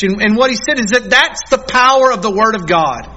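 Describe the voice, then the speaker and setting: Male pastor, high bright voice, emphatic sermon delivery, muffled lo-fi recording. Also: animated. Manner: earnest, emphatic preaching with dramatic slowdowns.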